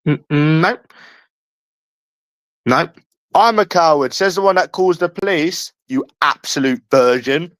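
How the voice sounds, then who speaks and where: A man's voice: a little high, slow pace, pauses often, a bit bright, no echo. A young man with a London accent, ranting in a taunting live stream and jeering at someone over and over. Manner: mocking, repetitive jeering.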